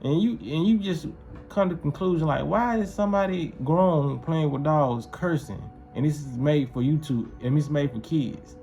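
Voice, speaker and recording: A man's voice: on the high side, moderate pace, warm tone, highs cut off, faint music behind. A man telling a casual story to camera, loose and repetitive, often checking that his listener follows. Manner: loose, repetitive, keeps asking "you feel what I'm saying".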